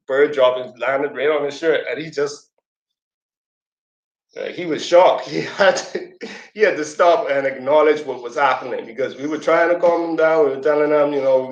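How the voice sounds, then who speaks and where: A man giving a casual teaching talk to a community audience, telling a story in a loose conversational way. He sometimes acts out quoted voices in a squeaky high pitch. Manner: conversational, loose, with fillers and asides. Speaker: speaker at a community presentation. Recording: roomy echo.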